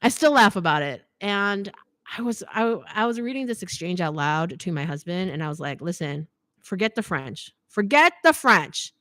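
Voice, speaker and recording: A woman in her thirties hosting a live Q&A stream, a chatty, animated storyteller who keeps adding "okay?". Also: on the low side, moderate pace, no room sound. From United States. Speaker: host of a fashion design channel. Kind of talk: live Q&A stream, casual chat.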